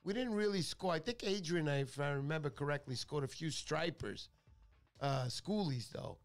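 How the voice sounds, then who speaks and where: This man's voice is a touch high and moves at a normal speed. He's a radio talk-show host spinning casual, jokey stories that tend to drift away from the point.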